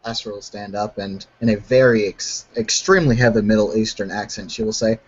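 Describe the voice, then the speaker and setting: A man's voice: fairly low pitch, fairly even intonation, brisk, breathy edge, muffled recording. A man joining a tabletop role-play as a player, joking and playful.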